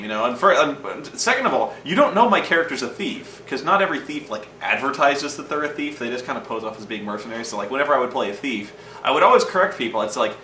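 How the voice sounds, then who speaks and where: A man's voice: medium pitch, very animated, fast talker, hardly any pauses, pushed and bright, a little hiss or hum. A man hosting a show, telling gaming stories in a rambling, profane, casual monologue and acting out the lines he quotes. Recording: roomy echo from a distant mic.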